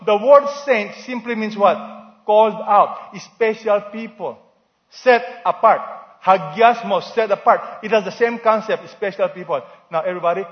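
A man's voice: sits high, normal speed. A man preaching a sermon as pastor, asking the congregation questions and having them answer back. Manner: call-and-response preaching, asks the congregation questions. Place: church hall. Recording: dull lo-fi recording in a reverberant church hall.

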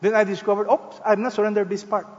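A man preaching a sermon as pastor, leaning hard on stressed words and swinging between loud emphasis and hushed, slow phrases. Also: high voice, level tone, big-room sound, muffled recording.

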